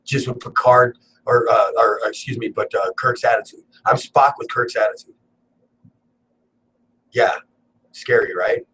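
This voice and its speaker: A man's voice: mid-range voice, steady tone, unhurried, pauses often, far from the mic. A young man hosting a casual solo talk show, rambling and joking and swearing freely. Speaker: cannabis talk show host. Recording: faint background noise, a bit off-mic.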